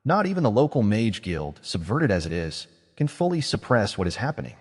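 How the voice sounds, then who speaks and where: A man voicing a calm, scheming male mage who reasons in a measured way. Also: lowish voice, husky, long reverb tail.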